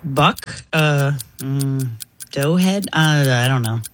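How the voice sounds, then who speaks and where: A woman's voice: extremely low pitch, slow, slight background noise. A woman, a regular on a radio show, cheerfully guessing at trivia questions in casual banter.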